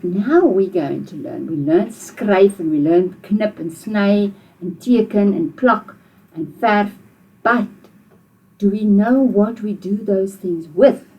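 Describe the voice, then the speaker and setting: Woman teaching children, South African accent, husky voice, lively ups and downs, slow and encouraging delivery. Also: medium pitch, highs cut off. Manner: patient, encouraging, repeats phrases slowly for learners. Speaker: Afrikaans language teacher. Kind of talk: video language lesson for children.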